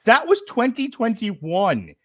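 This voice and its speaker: A man co-hosting a casual film review podcast, animated, laughing often and swearing freely. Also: extremely high pitch, takes it slowly, no echo, clean studio sound. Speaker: podcast co-host.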